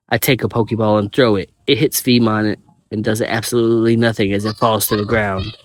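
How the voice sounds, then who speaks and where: A man reads a first-person story aloud in a plain, steady way. His voice sits a little low. The delivery stays even from line to line. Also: moderate pace, no echo. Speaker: narrator.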